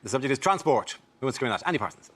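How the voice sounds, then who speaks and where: A man hosting a comedy panel show, brisk and wry as he introduces topics and wraps up jokes. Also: mid-range voice, sing-song, background noise. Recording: studio with loud audience laughter.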